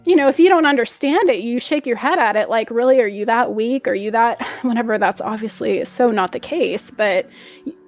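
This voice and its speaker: A woman telling a painful personal story as an interview guest, hesitant and repeating words as she restarts her sentences. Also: fairly high pitch. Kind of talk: emotional personal account.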